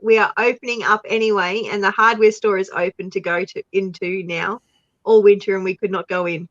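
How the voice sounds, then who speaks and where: An Australian woman hosts a casual live chat with viewers, giggly and chatty, laughing often and sounding a bit congested from a cold. Her mid-range voice is steady, slightly bright and a little fast, though the audio is dull.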